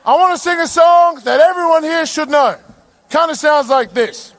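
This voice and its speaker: A football player giving a shouted victory speech to a parade crowd, leading a sing-along. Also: male voice, extremely high pitch. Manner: hypes up the crowd, drawn-out shouted singing.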